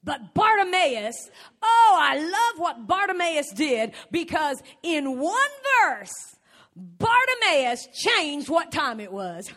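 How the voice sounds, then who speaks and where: High bright-voiced woman preaching. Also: sing-song, slow. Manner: emphatic, building to shouts. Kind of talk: sermon.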